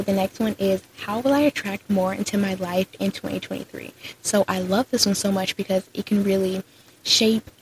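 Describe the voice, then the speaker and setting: A young woman talks through her solo podcast in a chatty, upbeat way, filling her sentences with "like" and "so". Her mid-pitched voice has a gravelly, creaky edge, and faint noise hums under the recording. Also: rough recording. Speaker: podcast host. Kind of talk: casual solo podcast chat.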